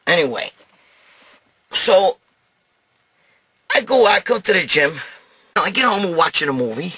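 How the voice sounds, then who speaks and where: A middle-aged male host with a slightly high, forceful voice that has a husky edge. He rants and tells stories in a brash, blunt, foul-mouthed way. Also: very animated, a little slow, long pauses. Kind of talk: profane monologue rant and storytelling.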